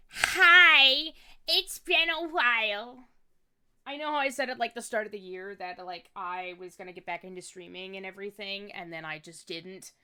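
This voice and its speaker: A woman's voice: mid-range voice, fairly bright tone, clear, resonant tone. A young woman streamer rambling in a playful, self-mocking way during a casual drawing stream. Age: young adult. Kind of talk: casual chat while drawing.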